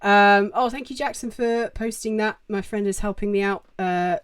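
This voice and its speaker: A woman's voice: mid-range voice, normal speed, smooth, dry recording, clean studio sound. Chatty young woman streamer. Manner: chatty, rambling, lots of fillers. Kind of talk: casual live-stream Q&A. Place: home. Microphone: desk microphone.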